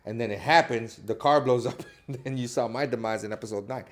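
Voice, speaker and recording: A man from Chicago, an actor guest on a casual podcast, telling animated stories and acting out quotes with frequent laughter. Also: mid-range voice, brisk. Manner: animated storytelling, acts out quotes, laughs often.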